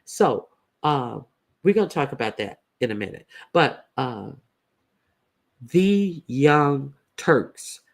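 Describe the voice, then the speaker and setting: A man hosting casual opinion commentary, blunt and profane, halting often with "uh" fillers as he talks. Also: medium pitch, very animated, vocal fry. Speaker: YouTube commentator host.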